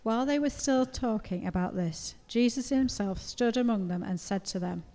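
A woman reading a Bible passage aloud to a congregation in a steady, measured way. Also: on the high side. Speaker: scripture reader. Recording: reverberant hall recording.

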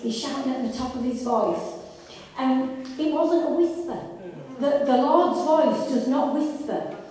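A woman preaches to her congregation, earnest and chatty, and she often restarts her sentences. Her voice sits fairly high. It is heard from a distance in a large hall with long, echoing reverb. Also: a little slow, warm tone. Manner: earnest and conversational, with restarts and rising fervour. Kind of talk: sermon. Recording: echoey hall, voice from far off.

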